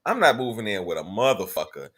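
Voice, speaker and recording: A man's voice: on the low side, very animated, fast talker, fairly bright tone. A man hosting a casual call-in talk show, talking bluntly and profanely in a laid-back way.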